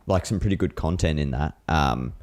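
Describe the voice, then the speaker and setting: Deep-voiced blunt man ranting. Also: moderate pace, darkish tone. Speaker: podcast co-host. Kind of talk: casual chat.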